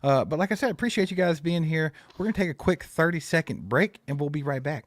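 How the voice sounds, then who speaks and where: Lively, chatty man co-hosting a stream. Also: a little high, fast, few pauses, soft background music. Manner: upbeat, chatty, breaks into giggling fits. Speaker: co-host of a live fan stream. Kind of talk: casual live-stream chat.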